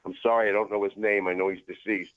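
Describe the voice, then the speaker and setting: A middle-aged man, a former wrestler and guest, telling stories in a relaxed, laid-back way. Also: fairly low pitch, fast. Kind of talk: casual storytelling. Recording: tinny phone line.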